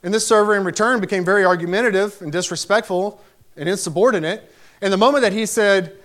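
A man's voice: high-pitched, fast, a bit bright. A man preaching a sermon, telling a personal story with emphatic delivery that rises to raised exclamations.

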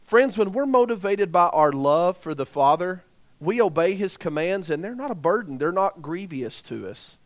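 A man's voice: sits high, expressive, normal speed. A man in his thirties or forties preaching a sermon in a conversational way, often putting rhetorical questions to the congregation.

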